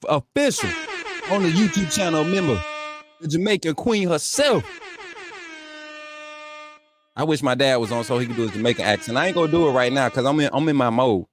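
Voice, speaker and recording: A man's voice: medium pitch, background noise. A man with an Alabama accent hosting a live call-in sports stream, reading super chats in a hyped, trash-talking, playful way. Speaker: live stream show host.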